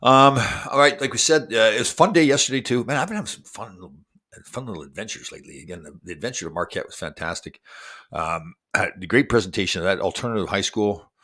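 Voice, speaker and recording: A man's voice: on the low side, quick pace, pushed and bright. A man in his sixties hosting a casual livestream chat, rambling and making self-deprecating jokes. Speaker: show host.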